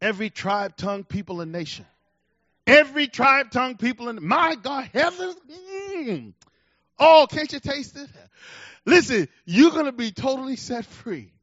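A man preaching a sermon, swinging between loud shouts and hushed, intimate lines. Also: very high voice, normal speed, no room sound, highs cut off. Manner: animated, swings from shouts to near-whispers.

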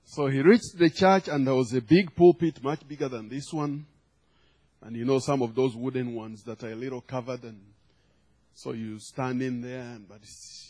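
A man's voice: on the high side, darkish tone, slightly rough. A man preaching a sermon, telling a humorous story and acting out the quoted lines. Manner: storytelling with acted quotes and laughter.

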